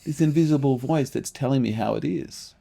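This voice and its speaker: A middle-aged man, a podcast guest telling a personal story candidly, animated and emphatic, swearing freely. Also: mid-range voice, a little fast, vocal fry. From Australia.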